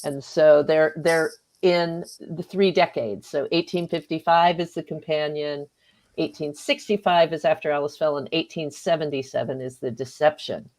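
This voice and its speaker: A woman's voice: low voice, fairly even intonation, moderate pace, a little mellow. A woman author chatting as a guest on a radio show, often laughing and acting out her own past remarks. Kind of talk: casual interview chat.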